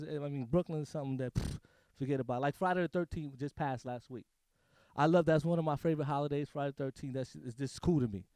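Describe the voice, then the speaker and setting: A man's voice: a little high, a little mellow, no room sound. A young adult man doing a loose, rambling stand-up comedy set on a small stage. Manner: loose, rambling, jokey delivery.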